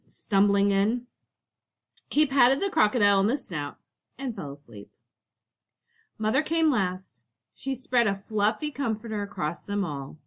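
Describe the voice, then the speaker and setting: A woman teacher reading a children's picture book aloud, expressive and storytelling. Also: mid-range voice, moderate pace.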